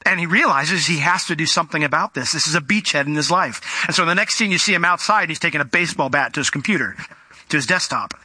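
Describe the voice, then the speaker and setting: A man's voice: on the high side, animated, quick pace, pushed and bright, dry recording. A man, a pastor and father of four in his thirties, preaching a conversational sermon that rises into fervent emphasis.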